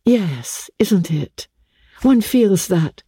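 A woman reading aloud voices a poised, worldly young countess who speaks softly and candidly. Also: low-pitched, animated, measured pace, breathy edge, no room sound, studio quality, full character voice. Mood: delighted.

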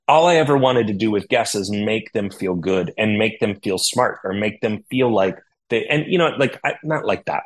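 A middle-aged man, a sommelier and restaurant owner, talking in a casual interview as a lively storyteller who acts out dialogue and swears freely. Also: fairly low pitch, low-quality recording.

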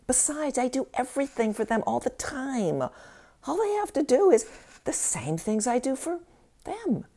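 A woman's voice: high-pitched, very animated, moderate pace, mellow, pitched above the performer's own voice, exaggerated voice. A woman voicing an exasperated, overworked partner who is whining indignantly about feeling unappreciated. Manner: whiny, indignant. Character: exasperated overworked adult partner, self-pitying.

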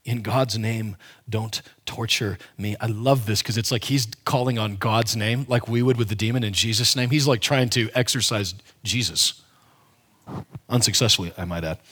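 A man's voice: lowish voice, normal speed, fairly bright tone, husky. A man pastor giving a conversational, emphatic sermon, often restarting his sentences as he explains a Bible passage.

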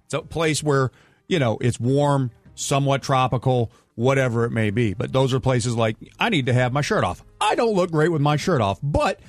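A man's voice: mid-range voice, lively intonation, moderate pace, no room sound. Male co-host, mid voice, rambling and musing, music faint behind. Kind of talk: casual chat.

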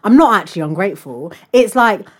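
A woman's voice: medium pitch, expressive, fairly quick. A young woman, co-hosting a casual podcast, giggly and teasing. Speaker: podcast co-host. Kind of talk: casual chat.

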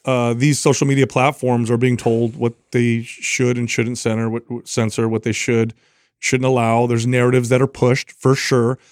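A man's voice: medium pitch, level tone, moderate pace, no echo, clean studio sound. A man in his forties co-hosting a podcast, talking emphatically and often repeating words as he starts a sentence. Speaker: podcast co-host. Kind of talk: casual discussion.

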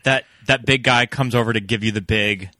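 A man's voice: medium pitch, fairly even intonation, brisk, pushed and bright, dry recording, clean studio sound. A man co-hosting a podcast in casual chat, explaining details thoughtfully with asides. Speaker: podcast co-host.

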